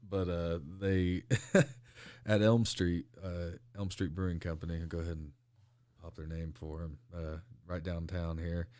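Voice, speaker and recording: Deep-voiced man telling wrestling stories. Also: a little slow, no room sound, studio quality. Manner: animated, laughs often, acts out quoted people. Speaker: pro wrestler guest. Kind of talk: casual storytelling interview.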